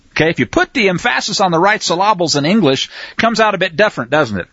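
A man's voice: high voice, lively intonation, quick pace, hardly any pauses, bright, forceful tone, no room sound, highs cut off. A man teaching a scripture lesson in a conversational way, often checking in with his listeners. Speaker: Bible study teacher.

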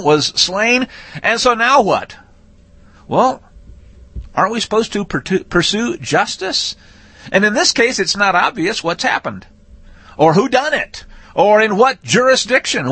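A man teaching a Torah portion in a lively, folksy, conversational way, rereading verses with shifting emphasis. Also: sits high, no room sound. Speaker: Bible teacher.

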